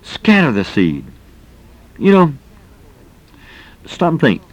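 A man's voice: on the high side, huge pitch swings, takes it slowly. A middle-aged man preaching a sermon in a folksy, emphatic way, peppering his talk with exclamations.

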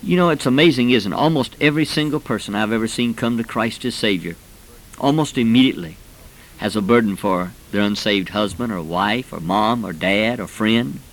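A man's voice: lowish voice, fairly quick, rough recording. A man in his forties preaching a sermon, fervent and rising to emphatic peaks as he tells personal stories. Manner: personal storytelling.

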